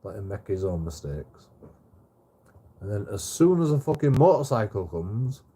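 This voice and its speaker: A man's voice: fairly low pitch, very animated, moderate pace, dark tone, husky. A man telling a rambling story on a livestream, swearing heavily and repeating himself.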